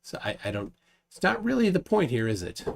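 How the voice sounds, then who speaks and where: A man's voice: fairly high pitch, very animated, a little fast, gravelly, a little hiss or hum. A man hosting a casual live debate stream, wry and laughing often as he reads out viewer comments. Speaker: livestream debate host.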